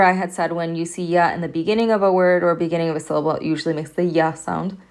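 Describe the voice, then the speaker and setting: A woman professor giving a recorded lecture, patiently repeating sounds for her students to hear. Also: lowish voice. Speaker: Arabic language professor.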